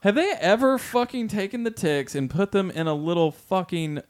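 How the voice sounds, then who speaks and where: Brief: male podcast co-host, profane and rambling, pitch jumps around a lot. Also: normal speed. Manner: profane, rambling, animated storytelling. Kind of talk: casual chat.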